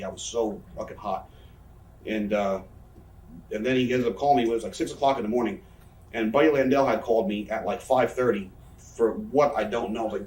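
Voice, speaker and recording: Man, thirties, quick speech, profane, candid storytelling, distant from the mic. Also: on the low side, a little mellow. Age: 30s. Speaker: professional wrestler interviewee. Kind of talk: candid shoot interview storytelling. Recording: roomy, voice from away from the mic.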